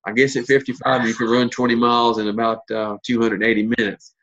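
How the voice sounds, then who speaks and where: A man's voice: mid-range voice, little pitch movement, a little fast, a bit bright, dull audio. Blunt folksy man in his fifties. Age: 50s. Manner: folksy, blunt storyteller with mild cursing. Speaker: network marketing leader. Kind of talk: motivational talk.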